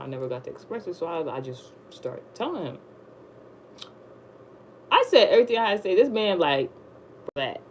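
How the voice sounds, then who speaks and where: A woman telling a rambling storytime in casual slang, jumping up high when she acts surprised. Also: a little hiss or hum, rough recording. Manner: rambling, slangy, animated retelling. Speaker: vlogger.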